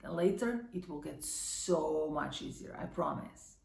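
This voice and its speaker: A woman teaching a language lesson, speaking slowly and spelling out each word with care. Her voice sits a little low and has a gravelly edge. She sounds cheerful and encouraging, and the room gives a clear echo. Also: animated, a little mellow. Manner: upbeat, encouraging, slow careful pronunciation.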